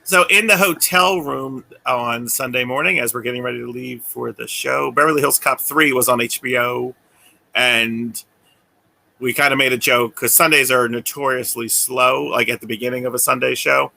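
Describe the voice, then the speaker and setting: A man's voice: mid-range voice, fairly even intonation, moderate pace, vocal fry, sharp tone. A man co-hosting a casual chat over a video call, telling easygoing stories and laughing along. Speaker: co-host.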